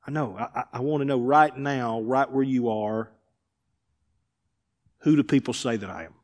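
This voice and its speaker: A man's voice: mid-range voice, normal speed. A male pastor preaching a sermon, driving points home with emphatic repetition. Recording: hall with long reverb.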